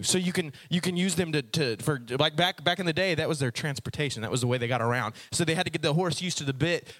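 A young adult man, a youth pastor, giving a casual sermon, telling stories animatedly and acting out voices with frequent laughs. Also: on the high side. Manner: animated storyteller, acts out voices, laughs often.

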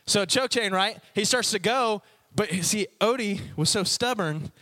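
A man's voice: high voice, unhurried. A young adult man, a youth pastor, giving a casual sermon, telling stories animatedly and acting out voices with frequent laughs. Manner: animated storyteller, acts out voices, laughs often.

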